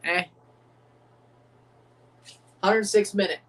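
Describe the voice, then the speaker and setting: A man's voice: high-pitched, fairly even intonation, very slow, a bit bright, recorded from a distance. An American man, chuckling and rambling through casual live commentary while reacting to a soccer match. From United States.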